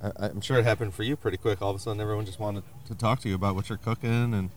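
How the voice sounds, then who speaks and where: Man, podcast host, rapid talker, lower voice, easygoing questions. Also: fairly even intonation, a little hiss or hum. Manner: quick, loose questions with fillers. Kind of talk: casual interview.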